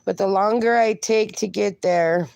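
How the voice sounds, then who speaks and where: A woman's voice: medium pitch, unhurried, vocal fry, a little mellow. A woman hosting a casual live stream outdoors with her dogs, chatting and reading viewer comments aloud, slipping into baby talk for her pups. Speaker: livestream host.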